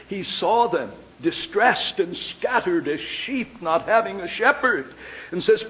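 A man preaching a sermon with passion, dropping to a hush and then rising to a ringing cry. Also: a little high. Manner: impassioned, swings from hushed to ringing. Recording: dull lo-fi sermon recording.

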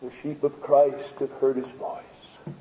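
A man's voice: medium pitch, flat delivery, takes it slowly, dark tone. A male preacher delivering an impassioned, emphatic sermon with sarcastic asides, heard in a large echoing hall on a dull lo-fi recording. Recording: echoey hall, dull lo-fi sound.

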